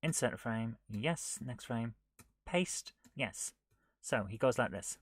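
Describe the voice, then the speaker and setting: A man streaming himself coding a retro game live, thinking aloud, muttering half to himself and scolding his software. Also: medium pitch, lively intonation, slow, husky. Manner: muttering to himself while he works, often dropping to a near whisper; chatty and self-mocking, scolding the software.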